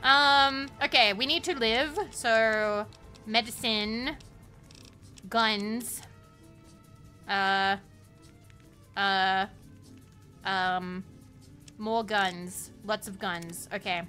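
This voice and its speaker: A woman's voice: medium pitch, fairly even intonation, extremely slow, pauses often, bright, forceful tone, smooth, soft background music. A young woman from Australia chatting playfully with her chat while streaming a game, giggling often. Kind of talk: casual livestream chat while gaming.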